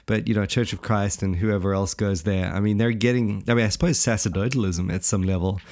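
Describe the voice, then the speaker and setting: Chatty low-voiced New man. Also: fairly even intonation, fairly quick, darkish tone. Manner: chatty, playful, many fillers and restarts. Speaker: podcast co-host. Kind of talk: casual theological chat.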